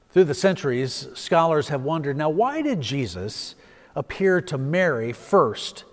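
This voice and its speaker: Preaching man in a reverberant hall. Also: on the high side. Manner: storytelling preacher, swelling with emphasis then dropping soft. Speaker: pastor. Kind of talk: sermon.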